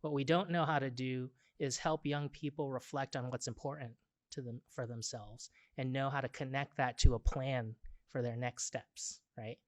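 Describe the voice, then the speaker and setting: A man's voice: mid-range voice, fairly even intonation, normal speed, no echo, clean studio sound. A man with a Boston accent introducing speakers at a conference, blunt and emphatic, often checking in with "right?". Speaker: symposium organizer introducing speakers. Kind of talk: conference talk.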